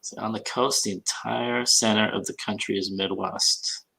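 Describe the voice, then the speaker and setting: A man's voice: lowish voice, fairly even intonation, moderate pace, gravelly, crowd noise, low-quality recording. A man hosting a casual online hangout, chatting and explaining things loosely. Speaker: podcast host. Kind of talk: casual chat.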